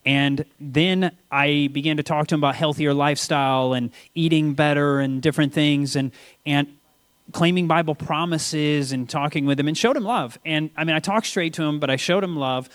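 Man telling a faith story, slightly high pitch, quick lively delivery. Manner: storytelling, quick, acts out quoted voices. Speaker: Christian speaker. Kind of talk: telling a story in a panel talk.

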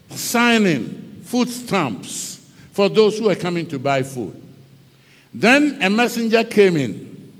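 A man's voice: high voice, big-room sound. A male preacher, telling a story in a sermon and mixing English with Twi. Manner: dramatic storytelling, switching between English and Twi.

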